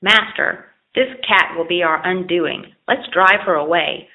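A faithful storybook dog, as a woman reader puts him on, yelping and pleading urgently. The voice has a gravelly, low-set grain. The sound is thin and tinny, like a phone line. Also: unhurried. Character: loyal, anxious male dog.

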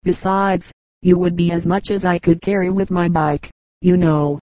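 A kindly man cyclist, read by a woman in a lowish, even voice. He asks his questions in a brisk, friendly way. The sound is dry and close. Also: no room sound, lightly acted. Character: kindly adult male cyclist, an artist.

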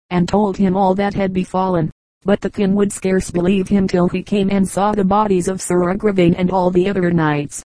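A woman narrating an audiobook of an old legend, measured and even. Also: lowish voice, no echo, low-quality recording. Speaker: audiobook reader. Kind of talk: scripted narration.

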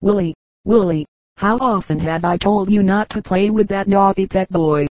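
A woman's voice: mid-range voice, moderate pace, darkish tone, no echo, natural voice. A woman reading the lines of a horrified mother rebuking her son through tears. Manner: rebuking, tearful.

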